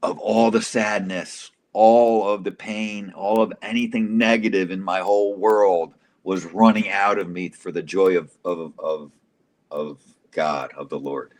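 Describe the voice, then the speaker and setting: A man's voice: low voice, fairly even intonation, a little slow. A man telling an emotional personal testimony as an interview guest, casual and profane, acting out quotes dramatically.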